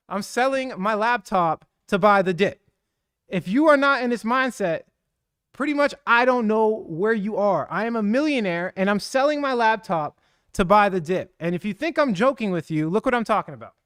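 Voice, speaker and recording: A man hosts a livestream in a fast, hyped, slangy rush. His voice sits high and comes across smooth and clear. The sound is dry and close, with no room echo. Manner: energetic, slangy, hype-driven. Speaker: crypto livestream host. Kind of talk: casual hyped livestream talk.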